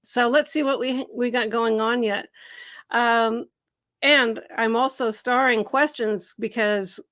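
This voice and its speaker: This host's voice is fairly bright and on the high side, with a steady tone and slow pace. She's a middle-aged woman from the Seattle area, USA, running a live Q&A stream, bubbly and quick to laugh as she welcomes viewers and reads their comments.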